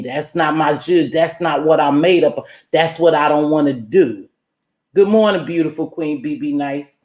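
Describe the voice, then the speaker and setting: A woman's voice: fairly low pitch, darkish tone, reverberant. A woman hosting a casual livestream, giving emphatic, preachy motivational talk and breaking off to greet chat viewers. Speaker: livestream host.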